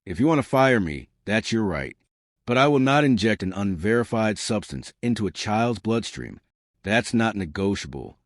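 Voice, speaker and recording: A man's voice: lowish voice, very animated, moderate pace, no room sound, studio quality. A man voicing an experienced woman nurse who speaks in a firm, precise, controlled way.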